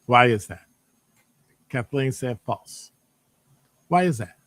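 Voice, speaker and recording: Animated Midwestern man hosting a live session. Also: medium pitch, slow pace, no room sound. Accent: Midwestern American. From American Midwest. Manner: animated, jokey, teasing the audience. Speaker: presenter reading audience answers. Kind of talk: live-streamed lecture with chat.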